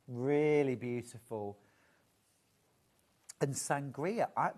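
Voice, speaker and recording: Live-selling presenter, slow, gushing, chatty. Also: medium pitch. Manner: gushing, admiring, chatty asides. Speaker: shopping channel presenter.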